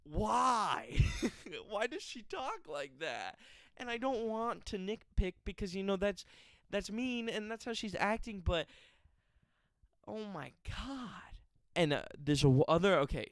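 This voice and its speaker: A man's voice: high-pitched, big pitch swings, a little slow, dry recording, clean studio sound. A man giving a casual, chatty film review, laughing and adding exaggerated asides. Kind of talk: casual movie review vlog.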